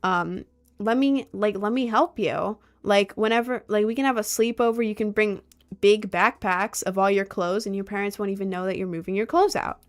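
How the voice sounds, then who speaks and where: A woman's voice: mid-range voice, moderate pace. Exasperated young woman ranting. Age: young adult. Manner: animated, exasperated, quotes people in mock voices. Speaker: vlogger. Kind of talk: casual storytime rant.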